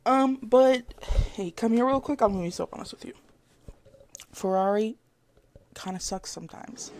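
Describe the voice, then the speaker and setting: A woman vlogger talks casually to her camera, gushing and excitable. She rambles, stumbles over her words and corrects herself often. Her voice sits in an ordinary middle range. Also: mid-range voice, normal speed, pauses often. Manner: rambling and excitable, with frequent fillers and self-corrections; gushing fan talk with giggles.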